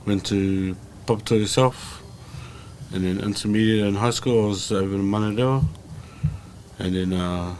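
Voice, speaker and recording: A man from South Auckland with a New Zealand accent, a podcast guest telling his life story in a relaxed, plain way. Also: on the low side, normal speed, background noise. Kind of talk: casual chat.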